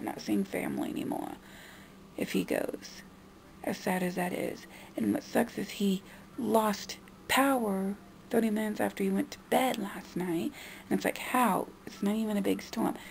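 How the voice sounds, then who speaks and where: A woman's voice: creaky, a little mellow, a little hiss or hum. A young woman vlogger venting in a frustrated monologue about her family. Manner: frustrated, mimicking others in a high nagging voice.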